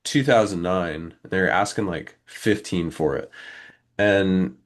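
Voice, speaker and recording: A man's voice: sits low, measured pace. A young man in his twenties on a casual podcast, telling a long story and acting out the back-and-forth in it. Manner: animated, acts out quoted exchanges. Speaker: podcast co-host.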